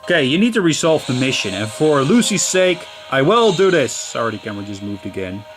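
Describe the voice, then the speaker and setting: A man's voice: medium pitch, big pitch swings, fairly quick. Chatty man over game music. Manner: chatty, rambling, with frequent apologies and restarts. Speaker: gaming channel host. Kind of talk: casual let's-play commentary. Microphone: camera mic filming a handheld console screen. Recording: game music playing behind the voice.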